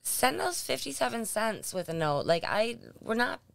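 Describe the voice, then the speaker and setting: A woman's voice: fairly high pitch, big pitch swings, normal speed, creaky, a bit bright, no room sound. A woman co-hosting a casual podcast, teasing her partner in dry banter. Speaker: podcast co-host. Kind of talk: casual chat.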